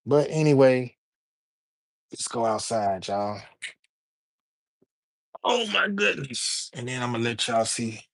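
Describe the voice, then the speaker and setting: A man from Alabama talks loosely to his livestream chat, greeting viewers one after another. His voice sits at an ordinary middle pitch. The sound is dry and close, with no room around it. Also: a little slow, no room sound. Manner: chatty, greets and shouts out viewers by name. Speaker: livestreamer and rapper. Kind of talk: casual live-stream chat.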